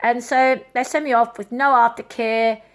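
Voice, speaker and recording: A woman's voice: on the high side, fairly even intonation, moderate pace. A middle-aged woman recounting a painful personal experience, agitated and raw, swearing often and repeating herself. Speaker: vlogger. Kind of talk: emotional personal story.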